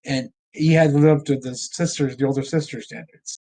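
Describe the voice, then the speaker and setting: A man who is a podcast guest, telling stories in casual chat with halting, rambling restarts. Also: mid-range voice, fairly even intonation, warm tone.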